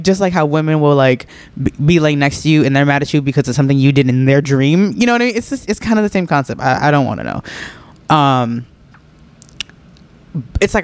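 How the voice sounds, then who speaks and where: A laid-back young man hosts a podcast, chatting casually and answering listener questions while laughing often and leaning on filler words. His voice is on the high side, with no echo.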